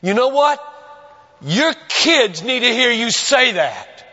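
A male pastor preaches with a high, animated voice that swoops up and down. He is earnest and emphatic, leaning on long pauses. The sound is a dull, muffled recording with long reverb from a church sanctuary. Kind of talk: sermon.

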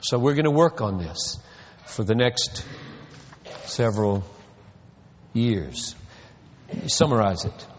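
High-voiced guy preaching a sermon, full of rhetorical questions, voice jumps all over, echoey church hall. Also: expressive, takes it slowly, long pauses, a little hiss or hum. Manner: emphatic, rhetorical questions, swings from quiet to loud. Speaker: pastor. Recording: dull lo-fi recording in a reverberant hall.

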